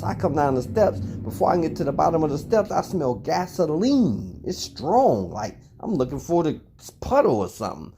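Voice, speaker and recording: A middle-aged father at home indoors tells his son a long, rambling story, swearing along the way, in a recorded monologue. His voice is on the high side, creaky and mellow, with a sing-song lilt, moderate pace, and hardly any pauses. Slight background noise can be heard.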